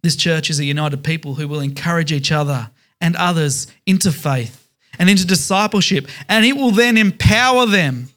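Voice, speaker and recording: A man's voice: on the high side, moderate pace, a bit bright. A man preaching a sermon as pastor, emphatic, stressing words in repeated lists.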